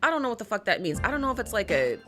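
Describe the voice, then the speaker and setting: A woman's voice: mid-range voice, very animated, very fast, over music. A woman co-hosting a live chat, blunt and profane. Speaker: co-host.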